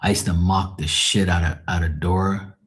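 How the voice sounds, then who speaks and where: A man with a deep, husky voice chatting loosely on a live stream. He tells rambling stories full of swearing and chuckles, with a rough, breathy edge to his speech. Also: fairly even intonation, moderate pace. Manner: profane, storytelling, chuckling. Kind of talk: casual rambling chat.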